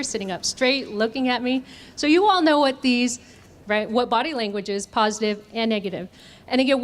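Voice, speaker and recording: A woman trainer leading an interactive workshop, asking the audience questions and answering them. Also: on the high side. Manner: engaging, asks audience questions. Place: conference room.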